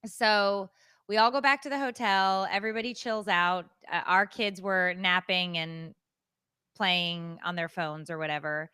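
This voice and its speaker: A woman co-hosting a podcast, retelling a story in a casual, animated, self-mocking way. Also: on the low side, unhurried, clean tone. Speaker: podcast co-host.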